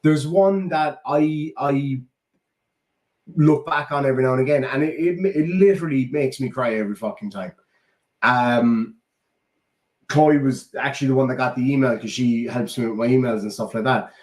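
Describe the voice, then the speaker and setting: A man's voice: medium pitch, normal speed, a little mellow. Sweary Irish man in a roomy room. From Ireland. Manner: heartfelt, sweary storytelling. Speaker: podcast co-host. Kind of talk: casual chat. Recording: roomy echo.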